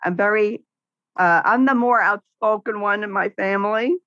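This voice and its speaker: A woman's voice: mid-range voice, moderate pace, dry recording. Woman, middle-aged, outspoken, storytelling, dull lo-fi recording, dry. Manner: outspoken, animated storytelling with laughs. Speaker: podcast guest, caregiver advocate. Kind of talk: casual interview conversation.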